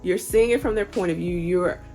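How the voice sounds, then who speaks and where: A young adult woman giving casual parenting advice to camera in an earnest, gently encouraging, conversational way. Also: fairly low pitch, moderate pace, soft background music. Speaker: parenting vlogger.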